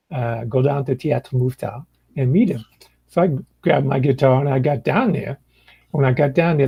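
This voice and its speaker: A man's voice: medium pitch, vocal fry, husky, dry recording, rough recording. An older man, a blues musician, telling stories at an easy pace in a casual chat and acting out what others said. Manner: relaxed storyteller who acts out dialogue. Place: indoor room.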